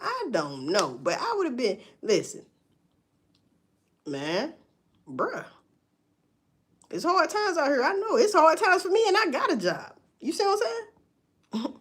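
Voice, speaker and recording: A woman talking bluntly and profanely to her viewers, preaching about work and faith in casual commentary. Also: mid-range voice. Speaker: social media commentator. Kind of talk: casual live-stream commentary.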